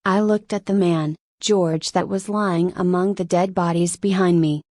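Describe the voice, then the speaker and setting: A woman narrating a first-person light novel audiobook in a steady, measured reading. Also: on the low side, no room sound.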